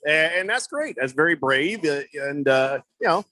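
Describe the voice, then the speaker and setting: On a studio microphone with no echo, a radio host with a higher, expressive, pushed and bright voice talks sports at a moderate pace. His manner is conversational and rambling, with lots of fillers and restarts.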